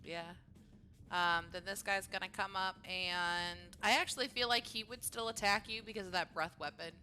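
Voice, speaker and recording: A woman running a tabletop game as dungeon master, chatty and quick to laugh. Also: medium pitch, fairly even intonation, sharp tone, soft background music.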